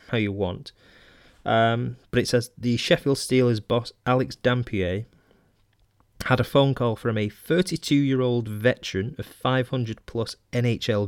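A man talks through old magazine clippings on his own podcast, stopping for ums, restarts and wry asides between the read passages. His voice sits at an ordinary middle pitch for a man. The recording is dry and close, with no room sound around it. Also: dry recording. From Manchester, England. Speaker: podcast host. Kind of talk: casual solo podcast reading old magazine articles aloud.

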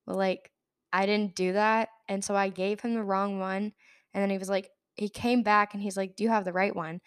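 A woman's voice: medium pitch, flat delivery, moderate pace, clean tone, dry recording, clean studio sound. Young woman rambling through a story. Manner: rambling, filler-heavy retelling with frequent laughs. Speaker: podcast host. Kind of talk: casual storytelling.

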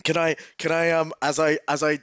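Guy playing tabletop, bit high pitched, dry mic, excitable, trips over words. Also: brisk, clean tone, no room sound. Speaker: player. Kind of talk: casual chat at a tabletop game.

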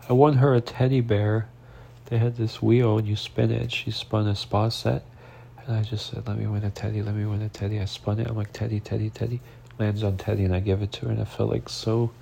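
A man's voice: on the low side, creaky, mellow, slight background noise. A young man telling a personal story in a vlog, rambling and swearing, tearful and upset, his voice rising and cracking with emotion.

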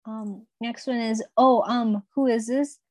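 A woman's voice: on the high side, steady tone, unhurried, dry recording. A young woman reading quiz questions to friends, playful and teasing. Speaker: quiz player among friends. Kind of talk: casual chat.

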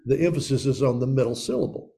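Man, pastor, casual sermon, folksy, gravelly, dark mellow tone. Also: medium pitch, quick pace. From Upper East Tennessee. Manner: folksy and conversational, addresses listeners as guys and dude.

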